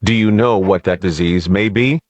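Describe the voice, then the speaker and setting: A man playing a radio news host, asking calm, measured questions in an amateur audio drama. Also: low voice, muffled recording, slight background noise, close to an everyday voice. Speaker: radio interviewer.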